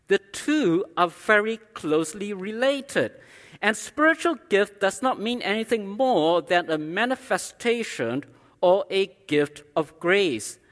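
A man's voice: high voice, fairly bright tone, long reverb tail. A man preaching a sermon as pastor, emphatic, repeating key lines for stress.

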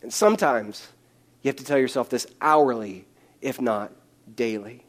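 A male pastor preaching a sermon into a microphone, moving from loud, pleading bursts to hushed, slow passages. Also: medium pitch.

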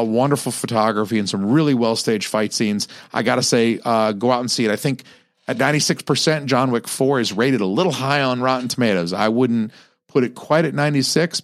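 A man's voice: on the low side, no echo, clean studio sound. A male podcast host giving a casual solo movie review, rambling with plenty of fillers, restarts and swearing.

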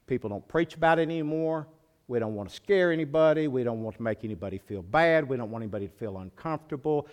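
A male pastor preaching a sermon, moving from quiet low teaching to loud, high-pitched preaching. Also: quick pace, clean tone.

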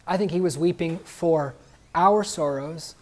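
A man's voice: on the high side, unhurried, darkish tone, slight background noise. A man preaching a sermon emphatically, asking the congregation questions and adding joking asides.

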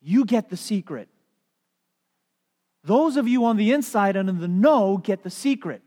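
A middle-aged man preaching a sermon as a pastor, telling stories in an animated way and putting on playful voices. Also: high-pitched, a little slow. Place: church sanctuary. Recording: long hall reverb.

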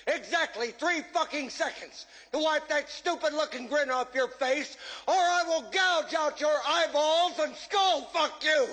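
An actor playing a brutal, foul-mouthed drill sergeant in a war film, barking insults at a recruit. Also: male voice, very high voice, unhurried, hardly any pauses, bright, forceful tone, heavily acted. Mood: barking abuse. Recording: film clip with long reverb.

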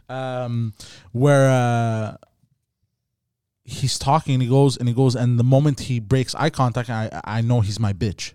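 Man, podcast host, casual chat, excitable, swears a lot, mid pitch, dry close sound. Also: measured pace, clean tone, dry recording.

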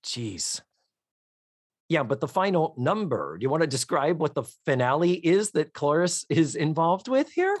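A man co-hosting a podcast in casual chat, enthusiastic and animated, swearing freely. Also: on the high side, normal speed, husky, dry recording, clean studio sound. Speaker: podcast co-host.

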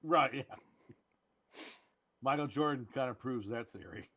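A man's voice: medium pitch, a little slow. A man co-hosting a movie podcast, chatting casually and joking around with silly put-on accents. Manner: jokey, animated, slips into silly put-on accents. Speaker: podcast co-host. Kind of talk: casual banter about movies.

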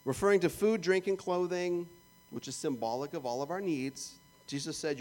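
A man's voice: on the high side, moderate pace, few pauses, a little mellow. A man with a Canadian accent preaching a sermon in a conversational, joking way, acting out little prayers and asides. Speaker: pastor.

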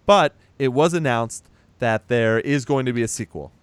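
A man's voice: mid-range voice, moderate pace, smooth, no room sound. A man in casual chat, recapping a movie as a podcast host, chatty and teasing, swearing now and then.

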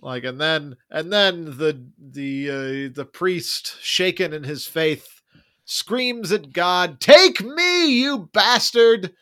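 A man's voice: on the high side, slow, bright, forceful tone, clear, resonant tone. A man discussing a movie casually as a podcast co-host, thoughtful and wry, hedging his points.

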